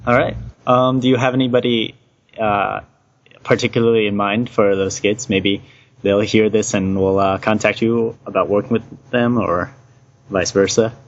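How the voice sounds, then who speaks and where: A podcast host with a lowish, level voice conducts a casual interview at a moderate pace, easygoing and laughing often between questions. The recording is dull and lo-fi.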